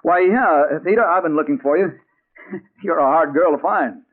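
A man's voice: a little high, moderate pace, lightly acted. A man playing a hard-boiled male crime reporter in a 1940s radio drama, narrating and talking in an urgent, anxious way. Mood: pleading. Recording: tinny old 1940s radio broadcast.

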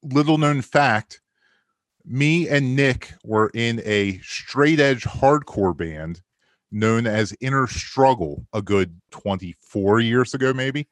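A man's voice: medium pitch, takes it slowly, no echo, studio quality. A man in his forties from Maryland, a podcast guest telling long roundabout stories with frequent laughs. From Maryland, USA. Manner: rambling storyteller, laughs often. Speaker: podcast guest, film commentary maker. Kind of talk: casual podcast chat.

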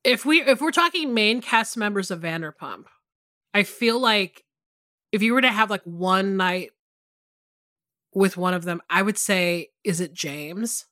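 A woman's voice: medium pitch, expressive, unhurried, bright, forceful tone, no echo, clean studio sound. A woman co-hosting a podcast in casual chat, laughing often and reading out a listener email. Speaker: podcast co-host.

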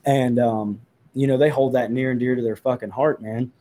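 A man's voice: mid-range voice, fairly even intonation, normal speed, warm tone. Earnest rambling man swearing casually. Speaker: podcast guest, hunting commentator. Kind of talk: casual podcast conversation.

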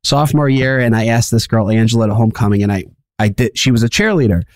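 A man's voice: medium pitch, fast talker, no room sound, studio quality. A man co-hosting a podcast, telling stories in an easygoing, casual way. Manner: easygoing storyteller. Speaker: podcast co-host.

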